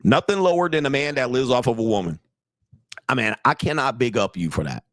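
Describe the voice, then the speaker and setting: Brief: male channel host, profane lecturing rant, lively swinging pitch, dry close sound. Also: a little fast, no room sound. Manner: blunt, profane, lecturing, laughs often. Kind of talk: livestream commentary rant.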